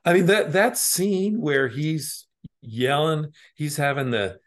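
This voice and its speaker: A middle-aged man from Alaska, a lawyer and interview guest, telling stories in a halting, rambling way with chuckling asides. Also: a little high. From Alaska, United States. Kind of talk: casual interview conversation.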